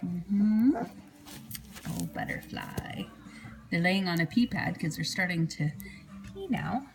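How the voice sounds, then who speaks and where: A woman's voice: on the low side, lively intonation, slow, creaky, poor audio. A woman breeder chatting to her puppies in cooing baby talk, laughing often, indoors at a whelping pen. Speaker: dog breeder. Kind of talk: casual vlog narration.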